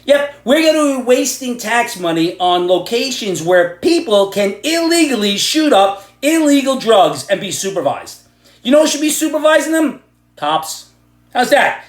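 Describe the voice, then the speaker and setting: A middle-aged man from Ireland rants with heavy sarcasm. His voice sits high for a man and swings widely up and down as he scoffs and jeers. The room around him is echoey. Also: big pitch swings, moderate pace. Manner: loud, sarcastic, ranting. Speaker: vlogger ranting about the news. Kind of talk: angry political rant vlog.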